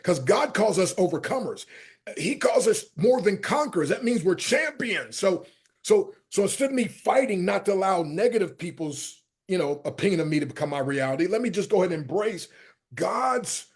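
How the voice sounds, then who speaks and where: A middle-aged man with a husky, somewhat high voice tells stories as a guest in an interview. He talks in a lively, animated way and acts out the people he quotes. His loudness swings from soft asides to near shouts. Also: normal speed. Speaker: podcast guest, motivational speaker. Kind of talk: storytelling interview talk.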